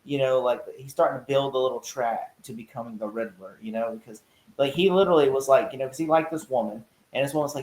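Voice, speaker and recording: A man's voice: medium pitch, quick pace, darkish tone. A man co-hosting a TV recap podcast, rambling in casual chat with lots of "you know" and "like.". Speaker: podcast co-host. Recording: roomy echo.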